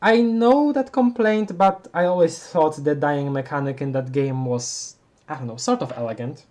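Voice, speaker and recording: Brief: young adult live-read streamer, laughs a lot, trips over words and corrects fast, chatty and excited. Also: medium pitch. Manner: animated, laughing often, quick self-corrections. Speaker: livestream host reading a webcomic aloud. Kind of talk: casual live-read commentary.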